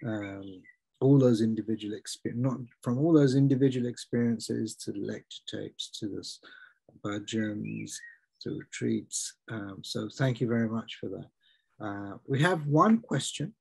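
A man's voice: lowish voice, measured pace, a little mellow, low-quality recording. A man hosting an online talk, speaking hesitantly with many fillers. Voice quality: husky, gravelly. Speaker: host.

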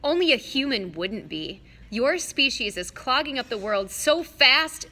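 A woman voicing an earnest, saddened young male satyr in a read-aloud story, speaking slowly at times. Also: sits high, sing-song, sharp tone, pitched above the performer's own voice, exaggerated voice. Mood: earnest, sorrowful. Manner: sad, earnest, slow at times.

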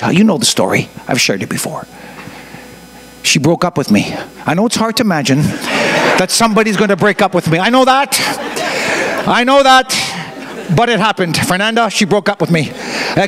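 A man in his fifties preaches from a church pulpit in a high voice with a gravelly edge. His pitch leaps and dips as he questions the congregation and slips in joking asides. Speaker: pastor. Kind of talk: sermon. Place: church sanctuary.

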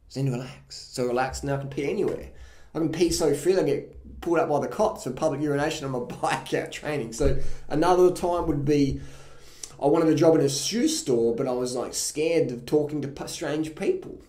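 A man giving casual, blunt and profane advice, telling animated stories about his own past. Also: on the high side, brisk. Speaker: vlogger. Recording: roomy echo.

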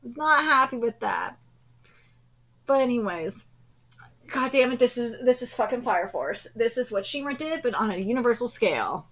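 A woman streaming a casual live reaction to a comic, excitable and profane, trailing off into fillers. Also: fairly high pitch, normal speed, highs cut off.

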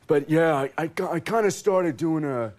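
A man, a guest on a talk show, telling a rambling, halting anecdote. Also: on the high side, darkish tone. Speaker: actor guest.

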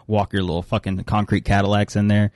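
Brief: male podcast co-host, low voice, dry close sound, relaxed and jokey. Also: quick pace, no room sound. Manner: laid-back, swearing, joking. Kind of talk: casual chat.

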